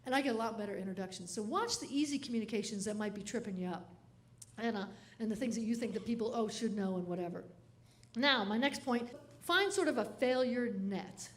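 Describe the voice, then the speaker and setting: High, laughing woman comedian on stage. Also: brisk. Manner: animated storytelling, laughing between lines. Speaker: keynote speaker and comedian. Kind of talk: comedic keynote speech.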